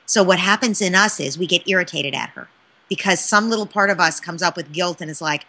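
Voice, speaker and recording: A woman speaking as a parenting expert in an interview, animated and often checking in with "right?". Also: on the low side, a little fast. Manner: animated, keeps asking "right?". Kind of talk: interview answer, advice.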